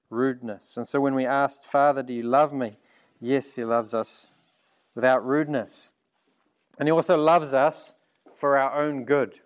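A man preaching a sermon in an earnest, measured way, asking rhetorical questions. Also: a little high, dull audio.

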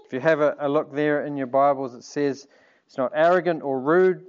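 Guy preaching a sermon, kinda high voice, earnest and measured, dull lo-fi audio. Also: steady tone, clear, resonant tone.

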